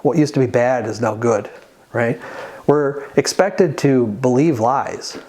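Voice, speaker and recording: A man giving an earnest, conversational sermon as the host of a Christian channel, pausing now and then to read scripture aloud. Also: mid-range voice, a little mellow. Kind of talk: sermon-style monologue.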